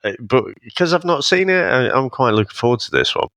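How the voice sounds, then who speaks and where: A man's voice: medium pitch, big pitch swings, brisk, fairly bright tone, no room sound, studio quality. A man co-hosting a casual movie podcast, easygoing and laughing along. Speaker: podcast co-host. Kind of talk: casual movie review chat.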